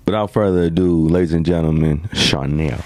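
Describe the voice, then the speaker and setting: A man's voice: low voice, fairly even intonation, fairly quick, background noise. A man hosting a podcast in casual chat, joking and slangy with his co-hosts. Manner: loose, joking, slangy banter. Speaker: podcast host.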